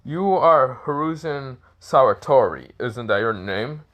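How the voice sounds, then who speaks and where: A man's voice: medium pitch, lively intonation, unhurried, fairly bright tone, muffled recording. A man voicing Death, a towering male god who speaks in solemn, domineering pronouncements in a fan-made story. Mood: stern.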